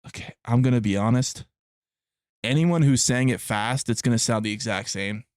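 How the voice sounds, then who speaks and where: A man's voice: mid-range voice, normal speed, dry recording, studio quality. A young adult man chatting casually on a live stream, rambling and swearing, often breaking into laughter. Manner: rambling, profane, laughs a lot.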